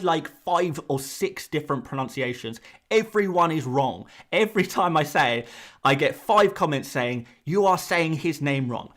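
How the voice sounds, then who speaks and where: An English man hosting a live fantasy football stream, talking casually to his chat in a rambling, exasperated way. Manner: animated, rambling, voice jumps high when exasperated.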